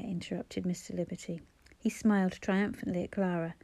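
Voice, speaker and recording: Warm-voiced woman narrating a novel. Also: medium pitch, vocal fry, no echo. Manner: even, measured storytelling. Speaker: audiobook narrator. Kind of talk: scripted narration.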